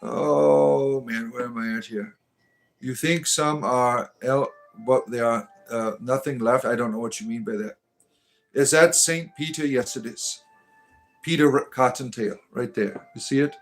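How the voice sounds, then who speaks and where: A man with a Detroit accent hosting a livestream, reading viewer comments aloud and answering them in a deadpan, tongue-in-cheek mystic persona. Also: medium pitch, a little slow, faint music behind. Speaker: livestream host.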